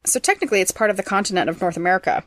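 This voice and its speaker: A woman hosting a podcast who reads out trivia facts in a brisk, teasing way and laughs often. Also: medium pitch, animated, dry recording. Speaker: podcast host presenting trivia. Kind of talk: casual trivia chat, reading facts.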